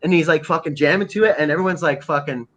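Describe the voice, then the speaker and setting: A man's voice: a little high, fast talker, fairly bright tone, highs cut off. A man from Canada hosting a livestream, chatting casually with heavy swearing and a rambling way of talking. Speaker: livestream host. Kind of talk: casual chat.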